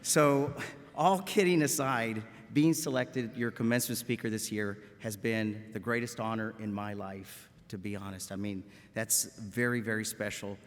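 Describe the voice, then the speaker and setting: A man's voice: on the low side, fairly even intonation, moderate pace. Folksy South Texas man in echoey hall. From Rio Grande Valley, South Texas. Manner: folksy, joking, keeps adding "okay?". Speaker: medical school faculty, commencement speaker. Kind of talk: commencement address. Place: large auditorium at a graduation ceremony. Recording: echoey auditorium with long reverb.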